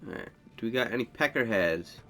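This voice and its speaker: A man's voice: mid-range voice, animated, fairly quick, pushed and bright, slight background noise. A man giving casual gameplay commentary, rambling and thinking aloud as he plays. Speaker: gameplay streamer.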